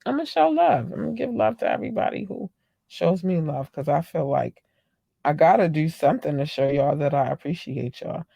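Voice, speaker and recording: A woman's voice: low voice, a little fast, gravelly, breathy edge, dry recording. A woman hosting her own podcast in a casual solo chat, gushing thanks and love to her listeners with lots of ums and slang. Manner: effusive, gushing shout-outs to listeners; chatty with frequent ums and slang. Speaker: podcast host.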